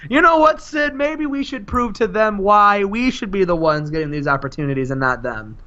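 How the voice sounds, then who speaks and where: A man putting on a sneering male villain wrestler with a high, sarcastic, mocking voice, on a lo-fi mic. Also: lively intonation, normal speed, pushed and bright.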